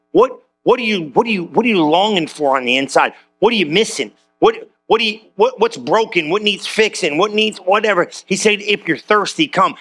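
A man preaching a sermon as pastor, chatty and teasing, full of rhetorical questions and repeated phrases, dropping low and soft when quoting scripture.

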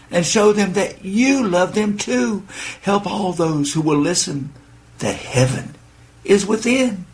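A man voicing Jesus in a guided devotional meditation, speaking gently, solemnly and reassuringly. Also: on the high side, vocal fry, husky, exaggerated voice. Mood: loving. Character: gentle loving male Jesus, calm and assured.

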